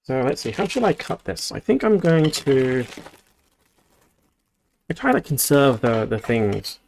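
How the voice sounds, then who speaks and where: Gravelly man rambling casually. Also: medium pitch, sing-song, measured pace, a little mellow, a little hiss or hum. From Australia. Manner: rambling, thinking aloud with frequent restarts. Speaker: streamer. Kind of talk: casual livestream chat while building.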